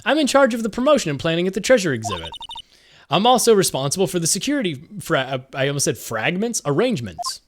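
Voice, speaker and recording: A man's voice: sits high, sing-song, fast talker, a little hiss or hum. A man reading the lines of a polite, earnest young woman in a game, barely shifting his voice.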